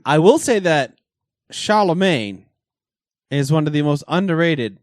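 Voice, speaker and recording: Animated high-voiced male podcast host. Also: unhurried, no echo, clean studio sound. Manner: animated, profane, does joking impressions. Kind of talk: casual chat.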